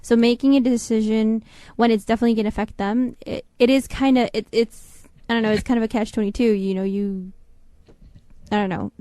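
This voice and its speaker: A woman's voice: fairly high pitch, fairly even intonation, fairly quick, mellow, no room sound. A woman co-hosting a casual call-in talk show, rambling with frequent restarts and hesitations. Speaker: co-host. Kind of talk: casual chat.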